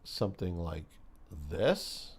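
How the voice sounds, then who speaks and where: A man hosting a live day trading stream, talking casually in a slow, rambling way and poking fun at himself. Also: deep voice, big pitch swings, husky. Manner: slow, rambling, self-mocking with small laughs.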